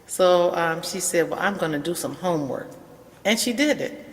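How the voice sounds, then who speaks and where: Older lady telling her story, kinda low voice, echoey hall. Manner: unhurried, quotes dialogue in her story. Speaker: caller sharing an experience. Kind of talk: casual storytelling.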